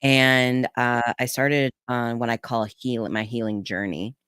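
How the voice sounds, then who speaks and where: A woman communication coach on a podcast, telling her story with earnest candor and acting out quotes in lively voices. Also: measured pace, clear, resonant tone, no room sound, clean studio sound. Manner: earnest storytelling, acts out quotes with animated pitch jumps. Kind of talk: candid podcast conversation.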